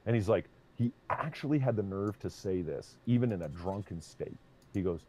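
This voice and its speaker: A man streaming a game, chatting casually and telling an animated story, swearing freely. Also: sits low, fairly quick. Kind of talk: casual chat while gaming.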